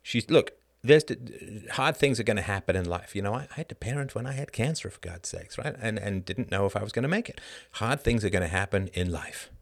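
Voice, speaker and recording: This middle-aged live-show host reads an article aloud, then cuts in with sarcastic, emphatic commentary, his pitch rising sharply in indignation. His delivery is animated and a little fast, creaky, with few pauses.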